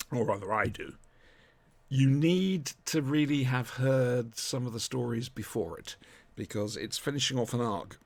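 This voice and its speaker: A man's voice: medium pitch, bright, forceful tone. A man hosting a podcast, chatting casually in a jokey, rambling way. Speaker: podcast host. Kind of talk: casual chat.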